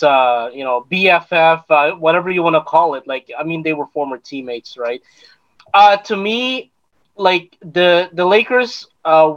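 Man, sports podcast co-host, halting, stumbling, slightly high voice, dull lo-fi sound. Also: a bit bright. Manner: halting, many fillers and restarts. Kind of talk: casual sports chat.

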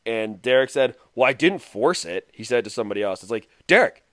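A man's voice: medium pitch, lively intonation, brisk, fairly bright tone, no room sound. A man co-hosting a casual podcast chat, amused and laughing as he reads out quotes. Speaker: podcast co-host.

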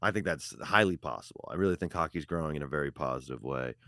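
Casual dude in his 30s joking around on a sports podcast, really deep voice, dry sound. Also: fast talker, fairly bright tone, dry recording. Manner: upbeat, joking, restarts phrases. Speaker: podcast co-host.

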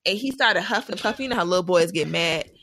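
A young woman in casual chat, telling animated stories and laughing often. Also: lowish voice, quick pace.

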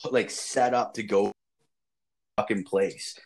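A man's voice: fairly low pitch, steady tone, takes it slowly, slightly rough. A young man telling a wild story in casual chat, rambling and profane, with lots of filler words.

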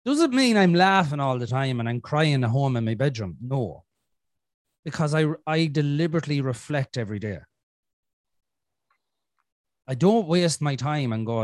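A man's voice: medium pitch, lively intonation, moderate pace, dry recording, studio quality. An Irish man hosting a podcast, talking bluntly with lots of swearing and jokes, and acting out his own inner voice. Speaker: podcast host. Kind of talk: casual podcast chat.

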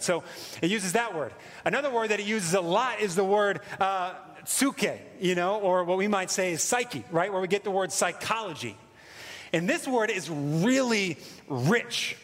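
A man preaching a sermon with an American accent, in a casual, excited way with lots of fillers. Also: high-pitched, big-room sound. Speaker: pastor.

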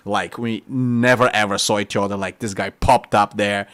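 A man with a Brazilian Portuguese accent, a native Portuguese speaker, giving a testimony sermon in an excitable, animated storytelling way. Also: lowish voice, moderate pace, no room sound. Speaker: preacher.

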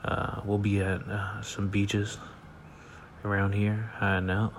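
Man, late-night solo podcast host, low voice, sleepy, loose rambling delivery, faint hiss behind. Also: completely flat delivery, takes it slowly. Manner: rambling, laid-back, laughs often, trails off with fillers. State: sleepy, yawning. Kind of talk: casual solo podcast monologue. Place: at home at night.

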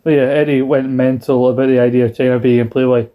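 A man's voice: mid-range voice, little pitch movement, quick pace, phone-quality sound. A British man co-hosting a podcast in casual chat, rambling and acting out quoted lines in a raised put-on voice. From Britain. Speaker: podcast co-host.

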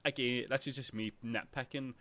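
A man chatting about films on a podcast, animated and laughing a lot. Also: medium pitch, normal speed, no room sound. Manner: animated, laughs often, acts out scenes loudly. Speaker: podcast co-host. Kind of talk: casual film chat.

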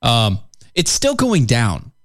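Wry, lively-voiced male podcast host. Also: medium pitch, slow pace. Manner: wry, mocking, teasing. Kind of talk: casual political banter.

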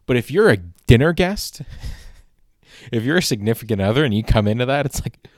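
A young man delivering a rambling comedic monologue, halting often with fillers and restarts. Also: medium pitch, animated, no room sound, clean studio sound. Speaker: stand-up comedian.

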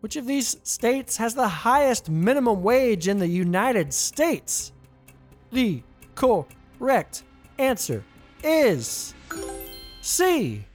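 A man hosting a trivia podcast, reading answer choices and adding playful jokey asides. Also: high voice. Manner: playful, jokey asides, reads options twice. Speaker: trivia host.

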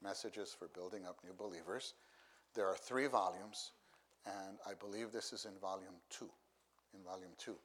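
A middle-aged man preaching a sermon, unhurried, who repeats key phrases for emphasis. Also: deep voice, steady tone, a bit bright.

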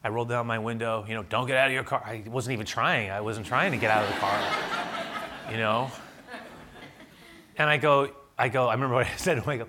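Bright-voiced man preaching a sermon. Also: medium pitch, a little fast, a little hiss or hum. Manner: storytelling, animated when quoting himself. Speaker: pastor.

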